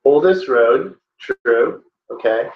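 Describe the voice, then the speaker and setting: A man gives a classroom lecture with a mid-range voice, lively intonation and a slow pace, joking with the class in playful asides. The audio is dull and roomy, with a little hiss or hum.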